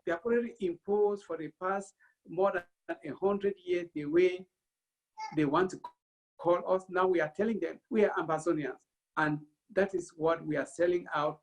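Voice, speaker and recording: A man speaking as a guest on a panel, halting and using many fillers. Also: sits high, expressive, vocal fry, muffled recording. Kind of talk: panel discussion.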